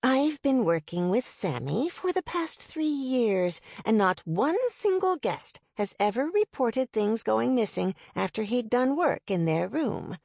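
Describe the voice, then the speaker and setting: A sweet, defiant motel owner calmly stands her ground, as a woman reading the story puts her on. Her pitch moves a lot while her words come slow and deliberate. The sound is dry and close. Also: creaky, dry recording, exaggerated voice. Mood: firm. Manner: overly sweet, then firm.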